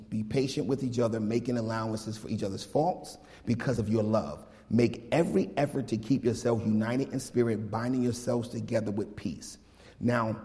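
Slangy preaching man, hall reverb. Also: on the low side. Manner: animated, slangy, conversational preaching. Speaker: pastor. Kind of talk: casual, lively sermon.

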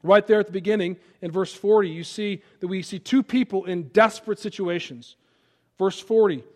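A man in his thirties preaching a sermon, dropping to a hushed voice in personal stories and rising to loud peaks. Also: high voice, moderate pace. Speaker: pastor.

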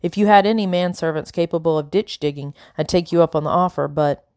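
A man's voice: fairly high pitch, quick pace, a little mellow, smooth, no echo, clean studio sound, close to an everyday voice. A woman reading the lines of a tired, formal army colonel, clipped and weary. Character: weary stern army colonel, middle-aged man.

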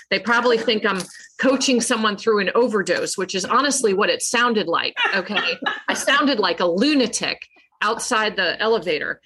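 A clinical psychologist appearing as a guest tells a story in a relaxed interview. She's animated, pokes fun at herself, and laughs often, with a medium-pitched, slightly rough voice.

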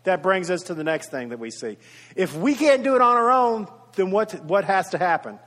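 A man's voice: high voice, sing-song, normal speed, fairly bright tone. A man preaching a sermon as pastor, earnest and repeating his key points for emphasis, with storytelling asides. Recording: reverberant hall.

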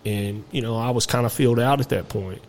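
A man's voice: medium pitch, fairly quick, darkish tone, a little hiss or hum. Candid man telling his story. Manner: candid, rambling, swears freely. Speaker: podcast guest. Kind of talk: casual storytelling interview.

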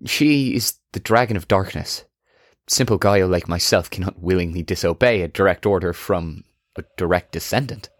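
A man doing an ashamed, halting dragon-shifter. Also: sits low, no room sound, studio quality. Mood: earnest. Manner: soft, apologetic, halting. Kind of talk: audiobook character voice.

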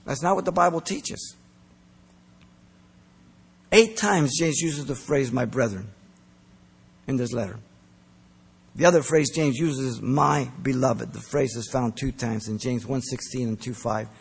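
A man preaching a sermon, earnest and emphatic, pressing his points hard and then dropping soft. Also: medium pitch, measured pace, creaky, long pauses, husky. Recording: long reverb of a large hall.

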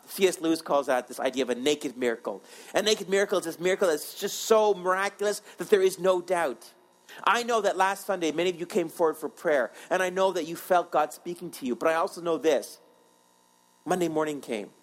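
A man's voice: high-pitched, lively intonation, moderate pace, rough recording. A man preaching a sermon in an earnest way, often repeating words and acting out prayers as quotes. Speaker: pastor.

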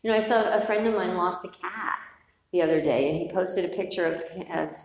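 A woman's voice: fairly low pitch, fairly quick, darkish tone. A middle-aged woman teaching meditation, giving a candid, digressive dharma talk to a group with some casual swearing. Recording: roomy hall from a distance, faint noise.

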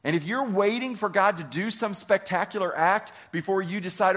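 A man's voice: sits high, normal speed, few pauses, a bit bright. A man preaching a sermon in a conversational way, acting out biblical characters with everyday lines and often repeating words as he restarts. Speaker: pastor.

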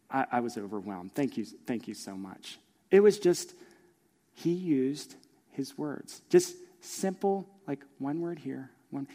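A middle-aged male pastor telling a story in a sermon, acting out voices and swinging from hushed asides to loud emphasis. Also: medium pitch. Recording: long reverb of a large hall.

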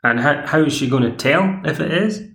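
A man's voice: a little high, animated, normal speed, creaky, fairly bright tone. Male podcast host, digressive recapper, echoey room. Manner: chatty, digressive. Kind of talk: casual episode recap.

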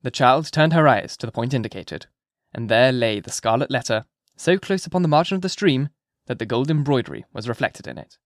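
A man's voice: mid-range voice, no echo, studio quality. Man reading a classic novel aloud. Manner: measured, expressive literary reading. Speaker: audiobook narrator. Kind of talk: scripted narration of a classic novel.

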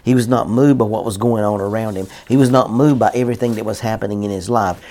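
A man's voice: fairly low pitch, steady tone, fast, a little mellow. A man preaching a sermon in an earnest, repetitive style, reading scripture aloud and driving his points home.

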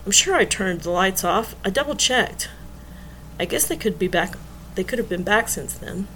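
Brief: a woman voicing a relaxed, wry man, easygoing and low-key. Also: normal speed, a little hiss or hum.

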